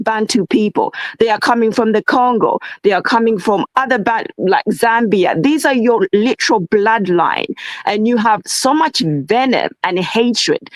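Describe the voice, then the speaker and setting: A woman with a fairly high voice makes her case with fervent, lecturing force and fires off rhetorical questions. The recording is dry and close, with no room sound. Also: dry recording, rough recording. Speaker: guest. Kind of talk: impassioned discussion.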